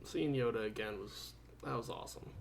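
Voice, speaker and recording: A man's voice: lowish voice, brisk, vocal fry, slight background noise. A man co-hosting a podcast in casual chat, laid-back and swearing, often laughing as he talks. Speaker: podcast co-host.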